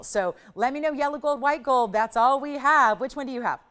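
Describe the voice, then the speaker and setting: Woman doing a shopping channel pitch live, gushy, says really really a lot, tv studio. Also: a little fast, few pauses, fairly bright tone. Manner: gushing, chatty, repeats words for emphasis. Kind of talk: live on-air sales pitch. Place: television studio.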